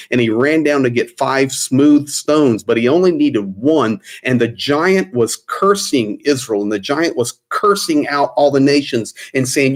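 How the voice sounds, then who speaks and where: An American man talking on a video call, fervent and preachy, repeating himself for emphasis. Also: mid-range voice. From United States. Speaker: aid volunteer guest. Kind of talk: impassioned panel talk.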